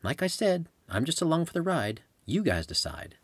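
A man reading a memoir aloud, voicing his fiancée as a soft, agreeable young woman. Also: sits low, sing-song, moderate pace, slightly rough, dry recording, pitched above the performer's own voice, heavily acted. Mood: easygoing.

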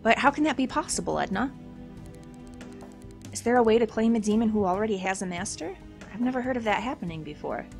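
A woman reading the lines of an earnest young nobleman who questions his servant calmly, in a game read aloud. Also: fairly high pitch, gravelly, music in the background. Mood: questioning. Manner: measured, questioning.

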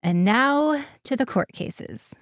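A woman's voice: fairly high pitch, lively intonation, takes it slowly, no room sound. Woman co-host with a dry close sound. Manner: leads the story from notes, laughs often. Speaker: podcast co-host. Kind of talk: casual podcast chat.

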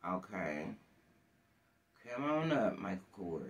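A woman's voice: very deep voice, slow pace. An older woman from Buffalo, New York, chatting to camera alone at home and talking straight to her viewers. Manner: chatty, animated, addresses viewers directly. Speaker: thrift haul vlogger. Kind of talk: casual chat to camera.

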